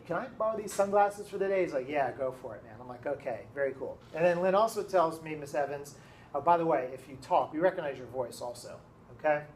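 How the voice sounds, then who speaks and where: A man, a teacher, telling a story to his students in a classroom, casual and animated, often checking in with "okay?". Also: on the high side, slight background noise.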